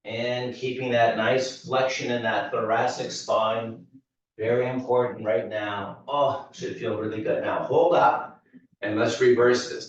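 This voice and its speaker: A male fitness instructor leading a guided mobility class with steady, easygoing cues. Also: medium pitch. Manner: steady cueing, easygoing asides. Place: large echoey fitness studio. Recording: echoey, distant, dull room sound.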